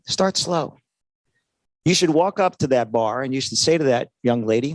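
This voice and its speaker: In a dry recording, a man with a mid-range voice, lively intonation, and moderate pace speaks to an audience at a trade-show sales seminar. His motivational talk stays conversational, frequently checking in with "right?" as he plays out short dialogues.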